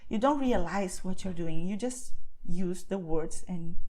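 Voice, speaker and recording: A woman, teaching a beginner lesson, who explains slowly and keeps checking in with "okay?". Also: fairly low pitch, warm tone. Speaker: Spanish teacher. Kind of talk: online language lesson.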